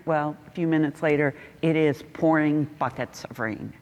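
Woman, low voice, animated storyteller, reverberant church hall. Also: normal speed. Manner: animated, laughing, acts out quotes with big pitch jumps. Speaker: mission trip member sharing stories. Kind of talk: casual storytelling.

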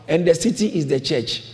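A man's voice: fairly high pitch, darkish tone. A man preaching a sermon, emphatic and repetitive, calling on the congregation to repeat his lines. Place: church hall. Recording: long reverb of a large hall.

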